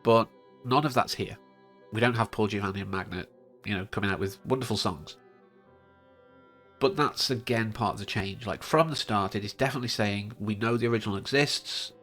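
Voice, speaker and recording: A man's voice: fairly low pitch, a little fast, a bit bright, faint music behind. A man giving a casual, digressive spoken film review, talking chattily and often trailing into asides. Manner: chatty, digressive, frequent fillers. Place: home studio in front of a green screen.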